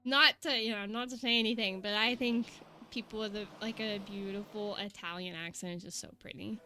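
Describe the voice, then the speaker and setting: A woman's voice: mid-range voice, steady tone, fairly quick, noisy background. A young woman, chatting casually and rambling to her stream viewers.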